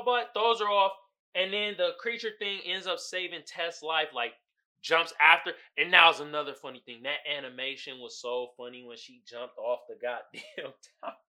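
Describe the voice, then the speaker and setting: A man's voice: a little high, pushed and bright. A man hosting a podcast, recapping a movie in a casual, profane, storytelling way with frequent laughter. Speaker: podcast host.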